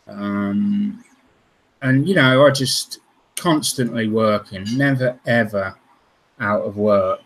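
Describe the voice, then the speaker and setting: A fairly low-pitched man speaks slowly on a rough recording with slight background noise. As host of a scale modelling channel, he recounts his past on a casual livestream in a hesitant, rambling manner, with plenty of ums and restarts.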